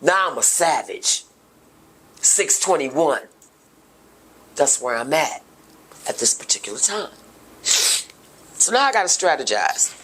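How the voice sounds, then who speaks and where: A middle-aged woman gives personal testimony on a podcast. Her voice is husky and breathy, with a lively pitch that swings widely. She goes from hushed and tearful to loud and impassioned. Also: slow pace, pauses often. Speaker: podcast host.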